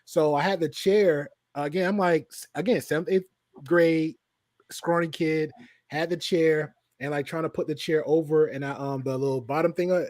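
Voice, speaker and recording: Animated man telling stories with a Southern drawl. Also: on the high side, normal speed, no room sound, studio quality. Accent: faint Southern drawl. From American South. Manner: animated storyteller, acts out quotes, swears casually. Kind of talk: casual storytelling chat.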